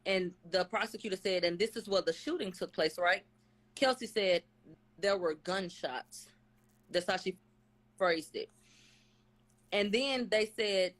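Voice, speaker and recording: A woman vlogger recaps a court case live in a casual, blunt, profane, slangy way, her medium-pitched voice a bit bright and a little slow with frequent pauses. She rattles off what people said, acting out their testimony in put-on voices.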